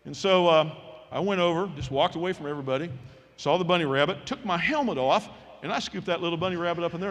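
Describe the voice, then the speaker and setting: A man in his sixties giving a commencement speech in a folksy, animated storytelling manner, acting out the people in his story. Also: high voice, quick pace, a little hiss or hum. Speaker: commencement speaker. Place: large hall at a graduation ceremony. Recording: long reverb from a large hall.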